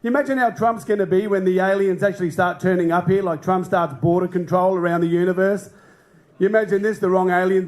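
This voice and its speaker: A man's voice: sits high, little pitch movement, fast. A middle-aged Australian man doing stand-up in a comedy club, with a brash, sweary, ranting delivery. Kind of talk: stand-up set. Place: comedy club stage with a live audience.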